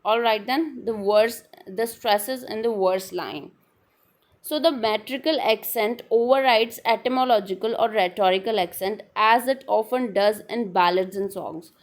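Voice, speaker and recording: A woman explains a literary term in a lecture, repeating her definitions and pausing on fillers. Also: mid-range voice. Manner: repetitive, restating definitions with frequent fillers. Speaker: literature teacher.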